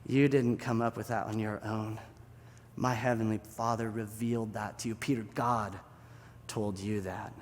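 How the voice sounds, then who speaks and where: A pastor voicing a patient grown man teacher who answers with gentle, incredulous reassurance. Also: fairly high pitch, sing-song, unhurried, long reverb tail, slight background noise.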